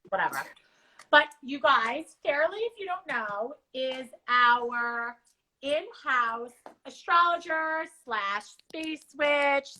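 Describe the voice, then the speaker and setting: A woman hosting a casual livestream chat, talking fast and animated, swearing casually, her voice just back after strep throat. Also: a little high, a little hiss or hum, low-quality recording. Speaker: host.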